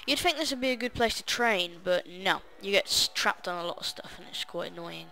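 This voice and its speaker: A man's voice: high voice, expressive, a little fast, vocal fry, sharp tone, slight background noise. A young man giving rambling, casual gaming commentary full of fillers and asides. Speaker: gaming YouTuber.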